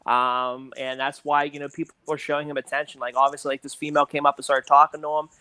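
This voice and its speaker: Male podcast guest, slightly high voice, dry close sound, rambling chat. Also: level tone, quick pace, bright, forceful tone, clear, resonant tone, no room sound. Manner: rambling, full of "you know" fillers. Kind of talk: casual movie discussion.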